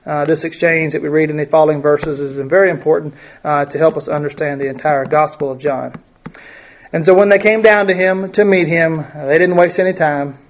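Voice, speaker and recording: A man's voice: on the high side, fairly quick. A man teaching a Bible study lesson, reading verses aloud and explaining them in a conversational way, with many fillers and rhetorical questions.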